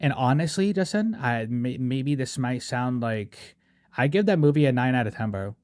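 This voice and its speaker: A man's voice: medium pitch, expressive, normal speed, darkish tone, no echo, studio quality. A man hosting a podcast, chatting casually and animatedly, peppering his talk with "bro" and "right?". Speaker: podcast host. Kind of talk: casual chat.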